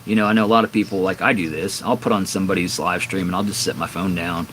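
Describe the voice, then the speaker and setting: Streaming from his garage with the door open at dusk, a man in his fifties tells a long, frank story, his voice low, steady, quick, and fairly bright. He rambles, filling in gaps and restarting sentences. Low-quality sound, slight background noise.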